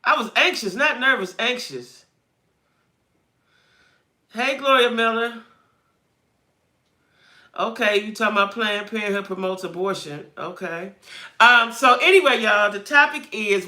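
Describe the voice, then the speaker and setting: A woman's voice: medium pitch, lively intonation, a little slow, pauses often, bright, forceful tone. A woman hosting a casual livestream, chatting straight to her viewers and greeting them by name while she thinks aloud and fiddles with the settings. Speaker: livestream host.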